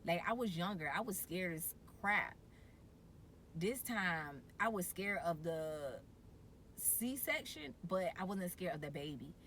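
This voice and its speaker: Animated woman telling her birth story. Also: takes it slowly, a little hiss or hum. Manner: animated, shifts to high excited voice when quoting herself. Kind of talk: casual storytelling.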